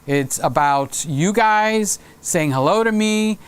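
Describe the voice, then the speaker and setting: On his own livestream, a man talks slowly in a high, animated voice with a clean tone. He chats casually, wandering through anecdotes and chuckling at his own stories.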